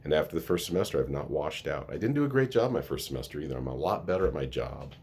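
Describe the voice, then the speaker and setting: A man's voice: rumbling low, lively intonation, fast talker, vocal fry, darkish tone, slight background noise. A man who works at a school, talking earnestly and with emotion in a casual vlog, often restarting his sentences. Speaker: school staff member.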